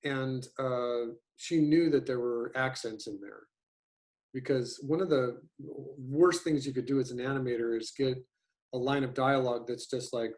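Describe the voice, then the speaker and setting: Talking over a video call, this animation teacher in his fifties drifts through a rambling, halting chat packed with ums and restarted sentences. His voice is mid-range and darkish, with fairly even intonation.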